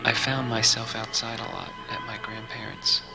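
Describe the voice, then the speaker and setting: A man narrating reflective memories in an even, scripted storytelling manner. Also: on the low side, normal speed, gravelly. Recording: narration with loud music underneath.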